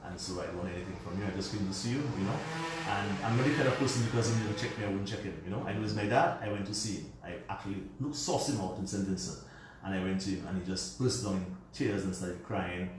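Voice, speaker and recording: A low-voiced man tells a long personal story as a radio guest, drifting from one detail to the next in loose, everyday speech. He is recorded from a distance in a very echoey room, and a faint hiss sits under his voice. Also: quick pace. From Dominica. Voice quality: meandering, colloquial storytelling. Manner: puts on his father's voice when quoting him.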